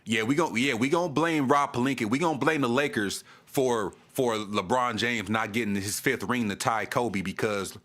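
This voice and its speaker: A man's voice: on the low side, a bit bright. A man vlogging a fan rant, exasperated, repeating himself and stammering as he restarts. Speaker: sports vlogger. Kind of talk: ranting fan commentary to camera.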